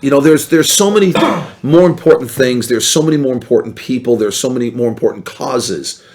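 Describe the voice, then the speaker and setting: A man chatting as a podcast guest, telling animated stories and acting out what other people said. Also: mid-range voice, fairly quick. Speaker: podcast guest, former reality show contestant. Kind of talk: casual storytelling chat.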